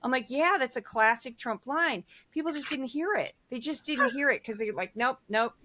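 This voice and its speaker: A high-pitched woman in casual conversation about politics. She talks in an animated way, slips into mocking voices when she quotes someone, and laughs often. She sounds middle-aged. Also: normal speed, a little hiss or hum. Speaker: political commentator, guest.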